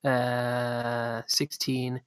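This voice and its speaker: A man's voice: medium pitch, completely flat delivery, drawn-out words, a bit bright, smooth. A young man from Canada, co-hosting a podcast in a laid-back, chatty way. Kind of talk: casual podcast chat.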